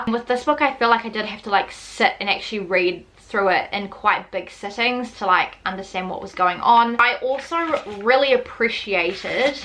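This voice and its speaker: A woman's voice: mid-range voice, bright, forceful tone. A young woman chatting casually about books she has read, with lots of filler words. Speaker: book vlogger. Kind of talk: casual chat.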